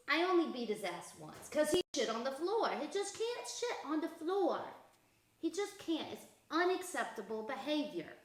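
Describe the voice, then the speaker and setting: A woman's voice: high-pitched, fairly bright tone, roomy sound. A woman hosting a casual spiritual podcast, blunt and profane, laughing often as she talks. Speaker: podcast host.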